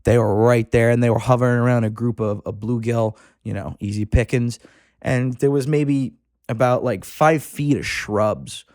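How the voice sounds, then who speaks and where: A man's voice: mid-range voice, normal speed, darkish tone, no echo. Podcast guest, man, mid-range voice, rambling swear-laden storyteller, dry room. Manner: rambling, profane anecdote-telling with frequent restarts. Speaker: podcast guest, fishing club member. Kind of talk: casual storytelling.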